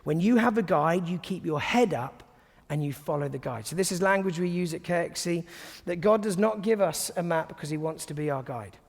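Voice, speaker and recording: A man giving a sermon to a congregation, conversational and humorous, often dropping to soft, hushed tones. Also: on the high side, a little fast, vocal fry, in a large hall. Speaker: guest preacher. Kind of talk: sermon with personal stories.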